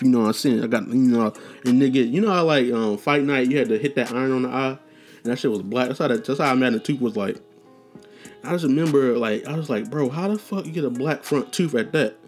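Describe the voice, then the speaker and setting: A man's voice: medium pitch, quick pace, darkish tone, faint music behind. Young man telling rambling profane stories. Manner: loose, profane, rambling with restarts and slang. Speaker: podcast host. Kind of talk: casual storytelling monologue.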